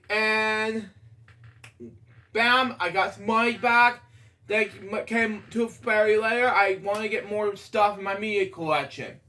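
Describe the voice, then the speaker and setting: A man reads a children's picture book aloud and keeps drifting into rambling personal tangents. His voice sits high and sounds bright and forceful. Every so often he breaks off into sudden excited outbursts. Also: measured pace.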